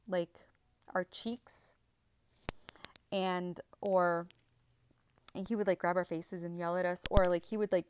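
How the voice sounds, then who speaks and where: A young adult woman telling a personal story in a halting way, with many fillers and restarts. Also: lowish voice, clear, resonant tone, no echo. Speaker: spiritual vlogger.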